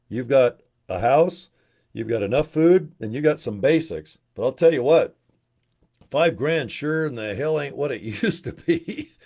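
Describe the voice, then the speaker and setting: A man from Utah talks to his livestream viewers in a loose, rambling way at a middle pitch. He jokes a lot and swears freely, and his stories get animated. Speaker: network marketing presenter.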